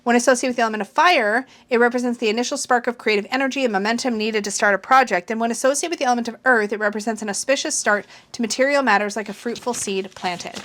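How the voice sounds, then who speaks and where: A woman reviewing a tarot deck in a casual walkthrough, excitable and gushing, with muttered asides to herself. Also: fairly high pitch, quick pace, hardly any pauses. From Canada. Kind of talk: casual deck walkthrough, reading aloud from guidebook.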